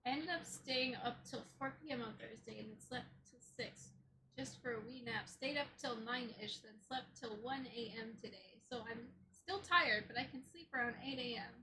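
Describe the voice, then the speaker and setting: A woman's voice: a little high, normal speed, sharp tone. A woman streaming a game, chatting casually with her viewers and laughing easily. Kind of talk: casual gameplay chat.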